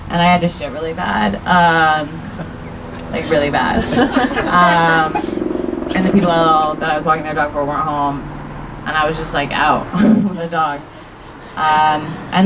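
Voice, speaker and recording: A woman's voice: mid-range voice, very noisy. A woman in her thirties doing a stand-up set on a backyard stage, self-deprecating and crude, laughing through her own lines. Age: 30s. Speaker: stand-up comedian. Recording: crowd audible. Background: laughing crowd.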